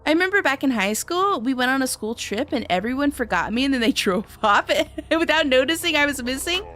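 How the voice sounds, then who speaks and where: A woman streamer commentating a horror game live, reacting loudly and swearing often as she chats. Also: high voice, brisk. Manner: loud animated reactions, frequent swearing; chatty, thanks viewers in passing.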